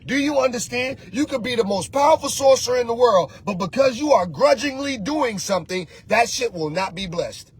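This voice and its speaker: Husky high-voiced man, animated and preachy. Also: fairly quick, few pauses. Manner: animated, preachy, slangy, often shouting. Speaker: host and spiritual coach. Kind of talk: casual motivational talk.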